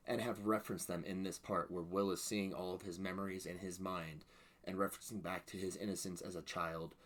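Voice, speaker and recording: A man hosting a reaction and review video, excitable and prone to loud exclamations. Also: low-pitched. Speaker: reaction channel host.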